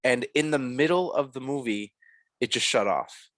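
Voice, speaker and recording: A young man co-hosts a podcast and reviews a film in a loose, rambling way, full of fillers, restarts and self-corrections. His mid-range voice is slightly bright, with a moderate pace and no echo.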